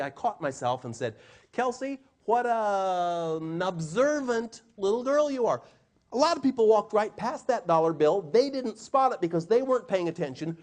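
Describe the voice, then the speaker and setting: Middle-aged guy doing a seminar, really animated, voice jumps all over, pretty high. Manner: animated, acts out quotes in changing voices. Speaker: communication trainer. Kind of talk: live seminar talk. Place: seminar room with an audience.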